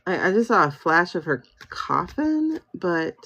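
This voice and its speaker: A woman's voice: fairly low pitch, sing-song, measured pace, fairly bright tone. A woman hosting a live tarot reading, talking casually and thinking aloud in slangy speech. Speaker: tarot reader and livestream host. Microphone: phone. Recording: dull lo-fi livestream audio.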